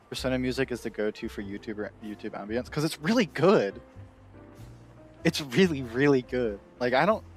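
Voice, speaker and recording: A man chatting casually on a stream, excitable and rambling, laughing often. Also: medium pitch.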